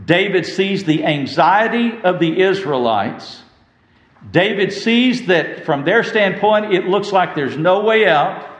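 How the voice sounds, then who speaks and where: Man, preacher, sermon, high voice, echoey room, dramatic scripture reading. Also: lively intonation, takes it slowly.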